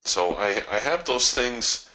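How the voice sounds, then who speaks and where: A man's voice: mid-range voice, lively intonation, slow, bright, forceful tone, poor audio. A man coaching live trading, talking through his trades in a folksy way with chuckling asides.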